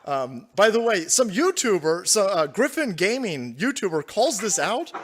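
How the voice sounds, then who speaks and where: A man's voice: high-pitched, very animated, unhurried, a bit bright. A man hosting a livestream, crude and sarcastic, laughing often as he riffs and reads out donations. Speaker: livestream host. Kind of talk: profane livestream commentary, reading donations.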